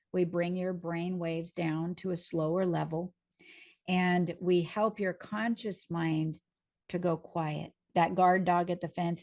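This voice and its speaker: Brief: low, gravelly female hypnotherapy teacher, calm and explanatory. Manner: calm, explanatory, uses homely images. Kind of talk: teaching a training lesson.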